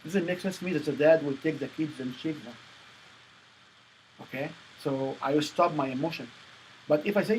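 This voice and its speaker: A man coaching a student on stage presentations, speaking in halting phrases with many restarts. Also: a little high, slight background noise, low-quality recording. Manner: non-native phrasing, repeats and restarts. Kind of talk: coaching session.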